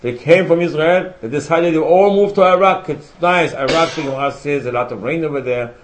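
A man's voice: a little high, brisk, a little hiss or hum, low-quality recording. Emphatic man giving a Torah class. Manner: emphatic, rhetorical questions, quotes Hebrew sources. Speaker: rabbi teaching a Torah class. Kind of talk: religious lecture.

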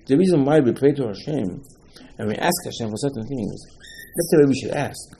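A man with giving an informal Torah lecture, rising to emphatic questions and dropping low again. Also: lively intonation, fairly quick, warm tone, slight background noise, low-quality recording. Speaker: rabbi giving a talk.

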